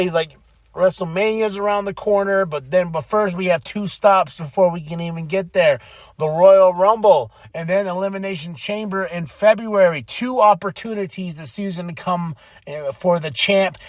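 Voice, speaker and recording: Excitable man recapping wrestling. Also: high voice, dry recording. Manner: excitable, quotes people in quick voices. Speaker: podcast host recapping wrestling. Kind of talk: casual recap monologue.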